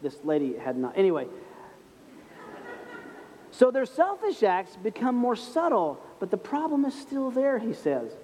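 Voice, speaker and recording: A high-voiced male pastor preaching in a church, his voice carried by a long hall reverb. He tells stories with a self-mocking humor and slows down and goes soft on his key points. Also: wildly swooping pitch, slight background noise. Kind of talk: sermon. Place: church sanctuary.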